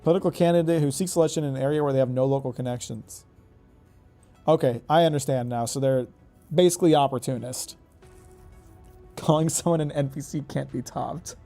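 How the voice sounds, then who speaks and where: A man's voice: medium pitch, a little fast, long pauses, dark tone, faint music behind. Rambling joking man gaming. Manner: rambling, joking, self-correcting. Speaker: gaming YouTuber. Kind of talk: casual gameplay commentary.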